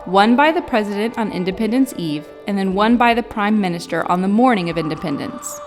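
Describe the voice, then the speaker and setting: A woman's voice: mid-range voice, lively intonation, a little fast, soft background music. A woman giving light, wry scripted voice-over narration for a travel vlog.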